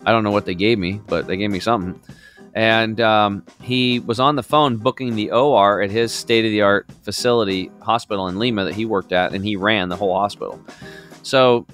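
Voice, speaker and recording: Guest, male, 50s, low-leaning voice, chatty and outgoing storyteller, faint guitar behind. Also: brisk. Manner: lively, outgoing, many fillers. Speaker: podcast guest. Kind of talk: casual storytelling.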